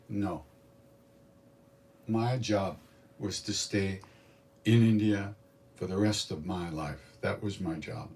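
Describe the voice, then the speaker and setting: An older man telling stories at a spiritual gathering, animated and acting out what others said. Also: on the low side, recorded from a distance. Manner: animated storyteller, acts out quotes. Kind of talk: storytelling satsang talk.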